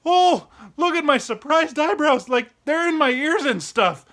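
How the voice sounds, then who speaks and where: A playful young cartoon dog, as a man voices him, hosting a kids' lesson with a very high, bright voice. He swings his pitch all over and bursts into barks and yelps to act out feelings. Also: lively intonation, measured pace, exaggerated voice. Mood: playful, exaggerated. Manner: playful, acts out each emotion with sudden cries. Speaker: children's show host. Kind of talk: kids' educational explainer.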